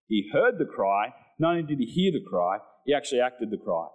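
A man preaching a sermon to his church, telling the story with animated delivery and acted-out quotes. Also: medium pitch, a little fast, rough recording. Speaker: pastor.

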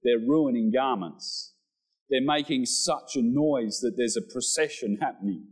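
A man preaching a sermon to his church, telling the story with animated delivery and acted-out quotes. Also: medium pitch, unhurried, husky, poor audio. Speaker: pastor.

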